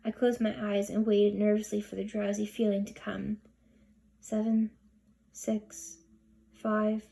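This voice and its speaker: A woman's voice: medium pitch, monotone, moderate pace, gravelly, few pauses, dark tone. Woman narrating a children's book. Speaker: audiobook reader. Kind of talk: storybook narration.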